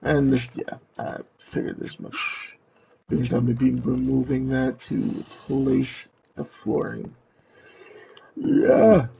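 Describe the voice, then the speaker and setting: A man's voice: mid-range voice, steady tone, takes it slowly, creaky, highs cut off, slight background noise. A male streamer speaking through a demon robot voice changer, chatting to his viewers as he narrates building in a game, with his mic set back from his face. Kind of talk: live gameplay commentary. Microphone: mic pulled back from face.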